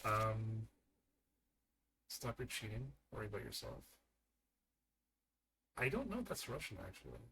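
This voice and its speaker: A man's voice: lowish voice, big pitch swings, a little slow, vocal fry, long pauses, noisy background. A man streaming a game live, thinking aloud and muttering his guesses as he works through a puzzle.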